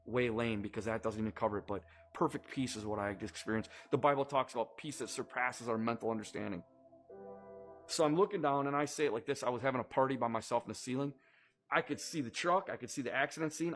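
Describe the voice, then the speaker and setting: A man recounts a deeply personal experience in an earnest, measured testimony. His voice sits at an ordinary middle pitch, and he often pauses to find the right words. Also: faint music behind. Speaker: storyteller recounting a personal near-death experience.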